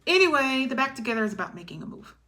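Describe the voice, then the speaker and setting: A middle-aged woman giving a casual tarot reading in a chatty way, clearing her throat and laughing often. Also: high voice, big pitch swings, rapid-fire, sharp tone. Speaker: tarot reader.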